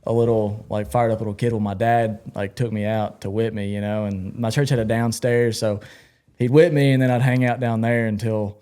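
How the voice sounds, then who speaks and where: A man co-hosting a podcast, telling a childhood story in an animated, laughing way. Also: on the low side, moderate pace, clear, resonant tone. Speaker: podcast co-host. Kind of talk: casual storytelling.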